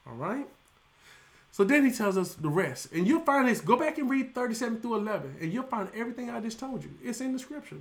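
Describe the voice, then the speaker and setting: A middle-aged man, preaching a lively sermon as pastor, tossing questions back to the congregation. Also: extremely high pitch, a little fast.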